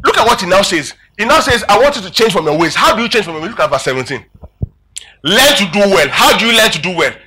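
A man preaching a sermon, animated and emphatic, calling out questions to his congregation. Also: high voice, fast. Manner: emphatic, animated preaching with rising and falling volume.

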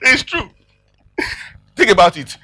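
A man preaching a sermon as a pastor, animated, laughing often and checking in with his listeners. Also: sits high, takes it slowly, slight background noise.

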